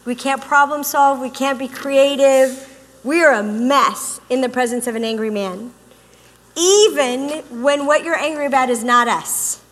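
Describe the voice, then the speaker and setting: Animated, emphatic female speaker with a high voice; talk in a large echoing hall. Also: measured pace. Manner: animated and emphatic, acting out quotes. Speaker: relationship speaker. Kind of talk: humorous talk to a live audience. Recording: long hall reverb.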